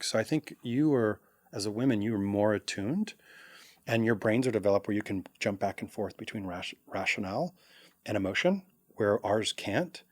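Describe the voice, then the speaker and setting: Low-voiced man, dry close sound. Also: fairly quick, dry recording. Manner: animated, acts out quoted reactions. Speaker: podcast guest, coach. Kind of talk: casual conversational interview.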